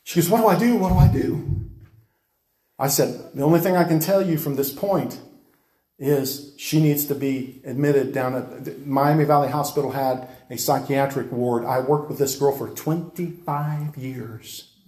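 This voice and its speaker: A man's voice: medium pitch, steady tone, normal speed, dark tone. A man preacher giving a dramatic testimony, insistent and emphatic, acting out scenes as he talks. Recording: roomy echo.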